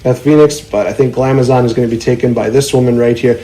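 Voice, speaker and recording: A man's voice: mid-range voice, fairly quick, dark tone, faint music behind, low-quality recording. A young man hosting a podcast, giving playful hype-style guest introductions. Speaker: podcast host.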